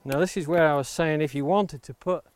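A man's voice: a little high, a little fast, noisy background. Man demonstrating axe carving outdoors. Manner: steady, patient, safety-minded explaining. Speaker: woodworking instructor. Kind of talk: hands-on demonstration. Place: outdoors near the coast. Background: axe chopping clicks.

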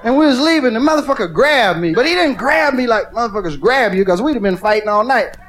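An older man telling rambling, profane stories, laughing and swinging from mutters to shouts. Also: extremely high pitch, lively intonation, fast talker. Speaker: storyteller. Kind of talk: profane anecdotal storytelling. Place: outdoors.

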